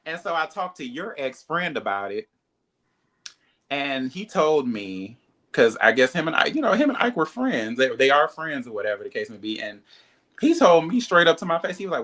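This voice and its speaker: Bright-voiced man telling his side. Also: moderate pace. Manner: animated, acts out quoted dialogue in a higher voice; frequent "like" and "you know" fillers. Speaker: reality TV cast member, guest. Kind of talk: candid interview storytelling.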